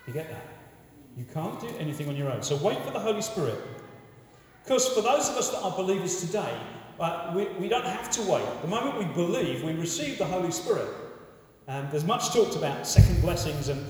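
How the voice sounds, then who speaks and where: A man preaching a sermon in a conversational, animated way, often repeating words as he restarts. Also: high voice, a little fast, slight background noise. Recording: echoey hall from far off.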